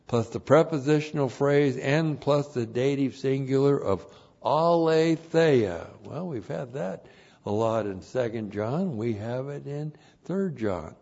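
A man delivers a sermon at an unhurried, deliberate pace, stressing key words and repeating them for emphasis. He spells out Greek terms letter by letter. The recording sounds muffled and lo-fi, as if captured in a church. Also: mid-range voice, lively intonation, vocal fry, a little mellow. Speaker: pastor. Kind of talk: expository sermon.

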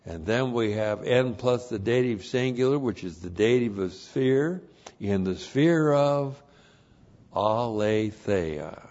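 Speaking slowly and deliberately, a pastor delivers an expository sermon, emphasizing key words through stress and repetition and spelling out Greek terms one letter at a time. His voice is fairly low, animated and darkish in tone. The muffled, lo-fi sound suggests a church recording.

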